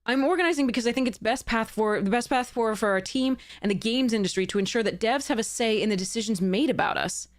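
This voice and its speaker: A woman's voice: a little high, quick pace, few pauses. A woman streamer reading a letter aloud and picking it apart in casual, heated commentary, sarcastic and swearing at times.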